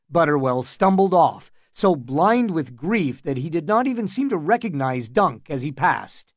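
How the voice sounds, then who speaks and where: Male audiobook narrator; slow, even storytelling, dry studio sound. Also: on the high side, no room sound. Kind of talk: scripted fantasy narration.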